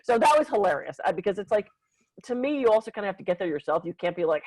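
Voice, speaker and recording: A woman massage therapist co-hosting a podcast, telling client stories in a casual, animated way and acting out the quotes. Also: racing, rough recording. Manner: animated, acts out quotes with big pitch jumps, laughs often. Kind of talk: casual storytelling.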